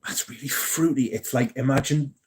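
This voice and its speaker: Young guy chatting on a stream, jokey and easygoing, reading the chat out loud. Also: medium pitch, normal speed, slight background noise. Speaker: livestream host. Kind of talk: casual live stream chat.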